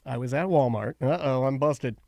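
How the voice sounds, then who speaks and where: A man's voice: mid-range voice, moderate pace, vocal fry, dark tone, dry recording. A man hosting a casual talk show, easygoing, reading listener emails aloud. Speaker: host. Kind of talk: casual chat.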